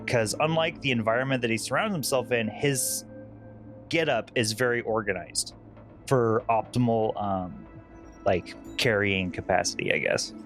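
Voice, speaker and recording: A man's voice: mid-range voice, moderate pace, a bit bright, faint music behind. A man playing in a tabletop game, describing his character in a hesitant way with many fillers. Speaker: player.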